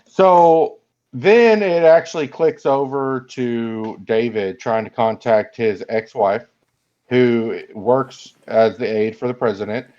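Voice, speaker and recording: A man's voice: medium pitch, slow pace, a little mellow, highs cut off. A man co-hosting a podcast, recounting a film's plot and acting out the characters' lines. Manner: retelling scenes, acting out lines. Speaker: podcast co-host. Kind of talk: casual chat.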